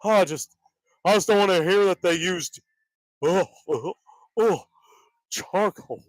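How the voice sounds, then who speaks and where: An uptight, middle-aged Texan cartoon dad, as a man puts him on, with a high, tight voice that drawls slowly. He is fussy and stern in manner. The sound is dry and close. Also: no room sound, poor audio.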